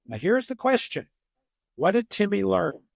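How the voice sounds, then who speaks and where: High-voiced older man telling stories animatedly. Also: measured pace, creaky, dry recording. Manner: animated storyteller who acts out examples. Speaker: psychologist guest. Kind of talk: podcast interview.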